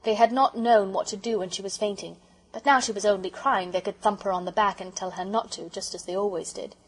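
A woman narrating a children's audiobook with expressive storytelling. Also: medium pitch, fairly quick, breathy edge, low-quality recording.

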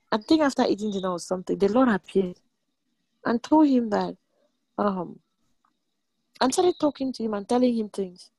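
A woman delivers a sermon in an animated, emphatic way, often repeating a line for weight. Her voice sits a bit high, mellow and a little husky. The sound is dry and close, with no room around it. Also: no echo. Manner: animated, emphatic preaching with sudden pitch jumps and repeated lines. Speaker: preacher.

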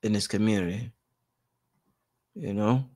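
Man talking loose on a livestream. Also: on the low side. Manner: reads out chat shout-outs, swings between loud and hushed; informal, drawn-out, repeats phrases. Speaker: livestream host. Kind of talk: casual livestream talk.

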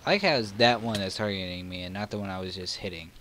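A man with a Southern US accent doing let's play commentary on his own gaming channel, muttering low and breaking into excited or frustrated outbursts. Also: quick pace, a little hiss or hum, poor audio.

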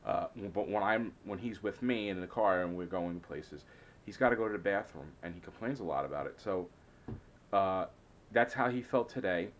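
A man's voice: deep voice, moderate pace. A man telling a rambling, hesitant story in a casual vlog, often frustrated and full of restarts. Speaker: vlogger.

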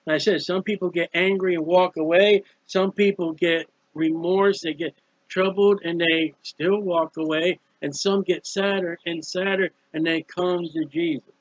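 Earnest high-voiced preacher, dull dry recording. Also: male voice, fairly even intonation, measured pace, no room sound. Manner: earnest, pleading, repetitive phrasing. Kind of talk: sermon-style hymn commentary.

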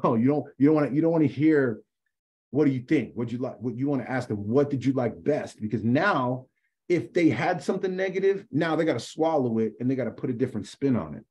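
Guy coaching on a sales call, kinda husky, mellow warm tone, acts out little back-and-forth convos. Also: mid-range voice, lively intonation, fast talker. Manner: conversational, acts out sample dialogues; says "man" often.

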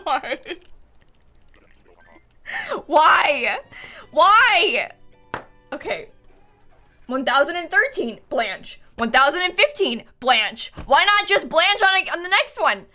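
Woman game streamer, lively swooping pitch, bright voice, excitable, laughing and shouting. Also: unhurried, faint music behind. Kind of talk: live-stream chat while gaming.

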